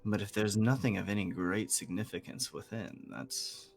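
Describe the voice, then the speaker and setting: A man voicing a gargantuan, refined male talking bird that speaks in an overly polite, drawn-out way. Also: on the low side, creaky, a little hiss or hum. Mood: mock disappointed.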